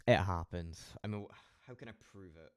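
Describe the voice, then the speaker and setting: A man's voice: low-pitched, normal speed, no room sound, studio quality. A Scottish man chatting loosely with his stream audience, rambling and swearing freely. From Scotland. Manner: rambling, heavily profane banter. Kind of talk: casual live-stream chat.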